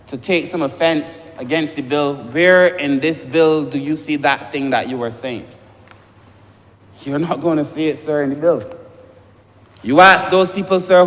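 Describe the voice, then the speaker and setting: A man, a member of parliament giving an emphatic debate speech, addressing the chair as sir again and again. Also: fairly high pitch. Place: parliament chamber. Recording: long reverb of a debating chamber.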